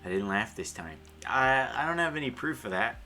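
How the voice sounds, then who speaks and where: A man's voice: medium pitch, animated, normal speed, sharp tone, soft background music. A man streaming casual chat, teasing a friend, swearing and laughing. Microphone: headset earphones.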